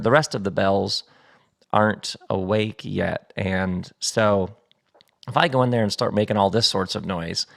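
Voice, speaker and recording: A man's voice: fairly low pitch, vocal fry, a bit bright. A middle-aged man hosting a casual solo podcast from his kitchen table, chatty and playful, laughing easily. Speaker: podcast host. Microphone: studio mic set up at the table.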